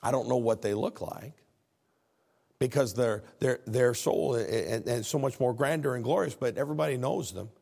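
A male pastor preaches earnestly, reading scripture aloud. His voice has a gravelly, husky grain at a middling pitch, and he often stumbles over repeated words. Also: moderate pace, a little mellow. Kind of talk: sermon.

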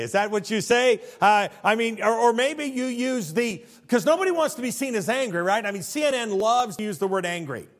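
A man preaching a sermon as pastor, joking and asking the congregation rhetorical questions. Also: fairly high pitch. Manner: humorous, animated storytelling with rhetorical questions.

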